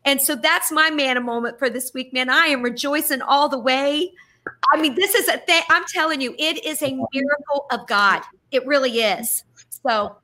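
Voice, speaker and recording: A woman's voice: high-pitched, moderate pace, sharp tone. A middle-aged woman co-host telling an earnest, emotional story in casual podcast chat.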